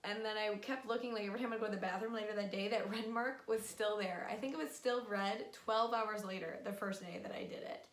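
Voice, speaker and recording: A woman's voice: mid-range voice, steady tone, brisk, hardly any pauses. Chatty young woman in an echoey room. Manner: frank and chatty, many fillers. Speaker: vlogger sharing her fertility treatment. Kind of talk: casual explainer vlog. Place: room at home. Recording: echoey room, faint music.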